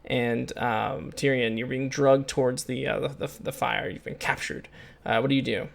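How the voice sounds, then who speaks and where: A man narrating as game master of a tabletop game, talking haltingly with many fillers and restarts. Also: medium pitch, fairly even intonation, vocal fry.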